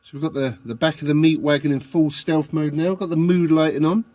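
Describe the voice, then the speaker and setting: A man's voice: a little high, fairly even intonation, brisk, warm tone, dry recording. A man, filming a casual camping vlog on his phone from inside a van. He talks to the camera in a cheeky, jokey way. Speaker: vlogger.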